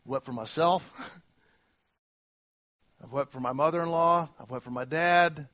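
Earnest preaching man, fairly high voice. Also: unhurried. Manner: earnest, swings from soft to emphatic. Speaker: pastor. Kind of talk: sermon.

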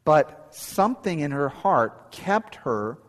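Pastor preaching in a reverberant hall. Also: male voice, a little high, big pitch swings, takes it slowly. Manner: earnest storytelling with frequent restarts. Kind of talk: sermon.

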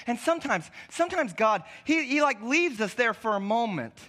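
A man preaching a sermon in a conversational way, with restarts, often dropping to a near-quiet, intimate tone. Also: very high voice, sing-song, normal speed.

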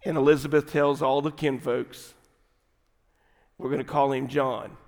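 A middle-aged man preaching a sermon, folksy and animated, dropping at times to a quiet, intimate tone. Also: mid-range voice, a little slow. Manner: folksy, animated storytelling with sudden drops to quiet, intimate delivery. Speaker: pastor. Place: large church sanctuary. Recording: long hall reverb.

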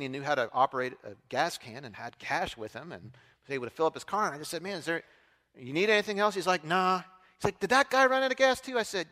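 A middle-aged man telling a story from the pulpit, acting out the voices of the people in it. His voice is high, bright and forceful. It rings with the long reverb of a large hall. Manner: animated storyteller, acts out other voices. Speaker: preacher. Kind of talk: storytelling sermon.

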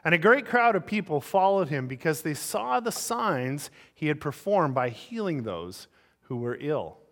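A man's voice: fairly high pitch, unhurried. A man preaching in a reverberant hall. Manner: animated storyteller, voices the people in his stories. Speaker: pastor. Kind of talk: sermon with storytelling. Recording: long reverb of a large hall.

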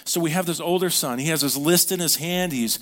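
Speaking briskly in a voice on the high side, this preacher shares stories in a conversational sermon. He asks his listeners questions and lowers his voice to a whisper-like hush when driving home important points.

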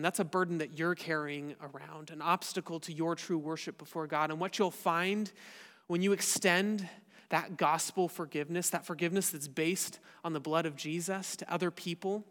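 Man, pastor, sermon, earnest, soft drops at ends of points, fairly high voice, long reverb. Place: church sanctuary.

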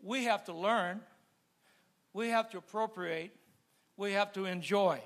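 A man preaches a sermon with a high, bright voice. He talks easily to the congregation, stacks phrase after phrase in a steady rhythm, and builds up to loud fervent preaching. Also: a little slow. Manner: repetitive listing cadence.

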